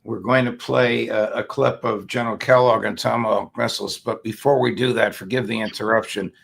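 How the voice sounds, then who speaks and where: A male show host cutting in politely and briskly to move the program along. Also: fairly low pitch, steady tone, vocal fry, a bit bright, a little hiss or hum. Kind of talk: broadcast interview hosting.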